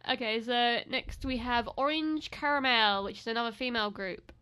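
Chatty young woman with a high bright voice. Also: normal speed, clear, resonant tone. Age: young adult. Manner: teasing, chatty. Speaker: podcast co-host. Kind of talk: casual chat.

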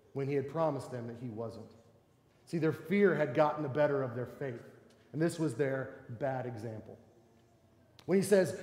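A male pastor preaching a sermon in a church, acting out quoted voices with animated delivery. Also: a little high. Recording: echoey church hall.

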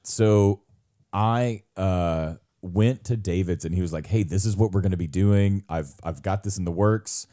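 A man's voice: low-pitched, a little slow, dark tone. A young man co-hosting a podcast, telling a long funny story in casual chat, laughing often and mimicking other people's voices. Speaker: podcast co-host.

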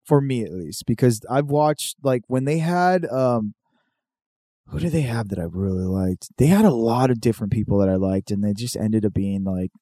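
Rambling casual man, dark dry voice. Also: mid-range voice, normal speed, no echo. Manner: rambling, swearing, animated retelling of sketches. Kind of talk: casual chat.

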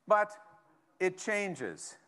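A male pastor delivers a relaxed, conversational sermon. His voice sits a little higher than most men's, and he moves easily between reading scripture aloud and chatting with the congregation. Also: extremely slow.

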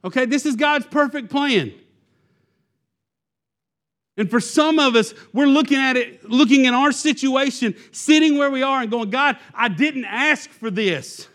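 A man preaching a sermon, animated and acting out the Israelites' complaints in quoted voices. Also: very high voice, normal speed, long pauses. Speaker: pastor.

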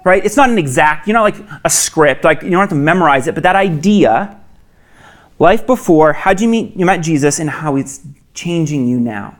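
A man preaching a sermon as a pastor, conversational and earnest, with quick asides and restarts. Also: fairly high pitch, animated.

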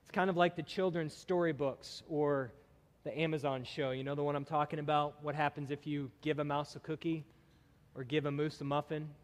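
Male preacher, slightly high voice, emphatic delivery, long hall reverb. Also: little pitch movement, moderate pace. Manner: emphatic, building in intensity through lists. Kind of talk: sermon.

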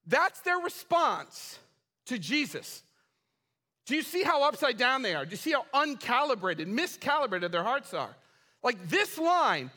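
Male pastor, high bright voice, casual and funny while preaching. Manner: animated, casual, humorous storytelling. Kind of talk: sermon. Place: church.

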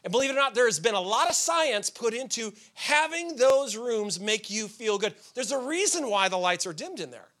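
A man preaching a sermon as pastor, telling everyday stories with sudden shouted outbursts. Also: very high voice, expressive, moderate pace, hardly any pauses.

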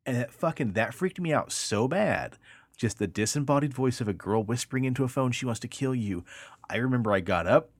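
A man's voice: medium pitch, a little fast, dry recording. A man co-hosting a casual paranormal podcast, telling stories with lots of swearing. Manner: profane, animated storyteller. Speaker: podcast co-host. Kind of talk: casual storytelling chat.

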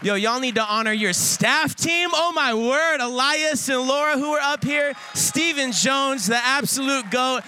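A man preaching a casual, energetic sermon as a guest speaker, playful and full of filler words, acting out little quoted voices. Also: very high voice, unhurried, few pauses, slight background noise. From Iowa, US.

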